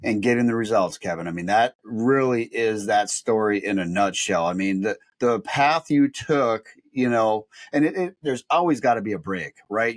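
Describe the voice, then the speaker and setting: A man's voice: lowish voice, no room sound. A male host in a casual interview, summing up his guest's story in an encouraging way.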